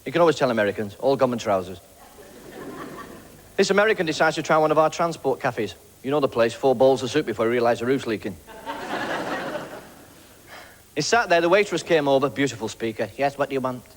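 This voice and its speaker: A man from Blackpool with a Lancashire accent, doing a stand-up comedy routine of quick, punchy one-liners. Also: medium pitch, animated, slight background noise. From Blackpool, England.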